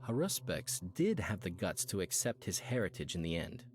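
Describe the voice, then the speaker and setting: A cryptic, detached voice-over from a video game, read by a man, low and hushed. The pitch lifts and falls in lively swings. Faint music plays beneath him. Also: moderate pace.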